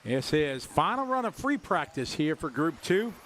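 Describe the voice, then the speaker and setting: A man's voice: on the high side, normal speed, slight background noise. Chatty man commentating an RC race. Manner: chatty, jokey, excitable asides.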